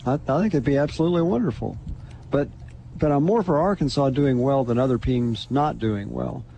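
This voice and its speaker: A man's voice: medium pitch, brisk, gravelly, mellow, slight background noise, poor audio. A man co-hosting a sports radio show, chatting in an easygoing way. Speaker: co-host. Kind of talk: casual sports talk radio.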